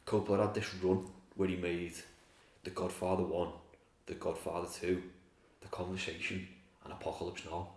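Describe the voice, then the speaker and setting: Deep-voiced man, casual swearing storyteller. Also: little pitch movement, moderate pace. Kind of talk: casual film chat. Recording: roomy, distant from mic.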